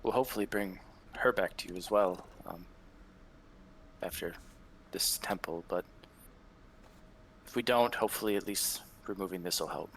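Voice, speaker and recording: A man's voice: low-pitched, normal speed, creaky, pauses often, fairly bright tone, slight background noise. A man playing a tabletop game, blunt and crude as he speaks in character. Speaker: player. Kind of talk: casual in-character play.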